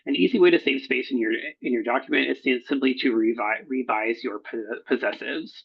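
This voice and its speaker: Guy editor walking through slides, gravelly husky voice, lots of uhs, kinda dull lo-fi sound. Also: mid-range voice. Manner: halting, frequent fillers and self-corrections. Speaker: proposal editor. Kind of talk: recorded workshop lecture. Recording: dull lo-fi recording.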